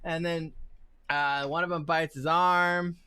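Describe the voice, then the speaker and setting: A man's voice: fairly high pitch, flat delivery, slow pace, bright, forceful tone, clear, resonant tone, no echo. A man narrating a tabletop game as game master, loose and chatty, swearing casually.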